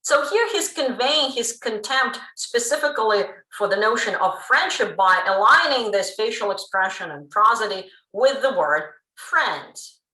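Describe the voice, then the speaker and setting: Lady lecturing, bright animated voice, lots of ums, roomy sound. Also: on the high side, a little slow. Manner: explanatory, lively, with frequent um and uh. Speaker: linguistics lecturer. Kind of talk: pre-recorded academic lecture.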